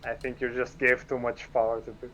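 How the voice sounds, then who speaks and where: A man playing a tabletop game, giving blunt, deadpan short replies in casual banter. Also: medium pitch, fast talker, lo-fi sound, a little hiss or hum. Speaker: player.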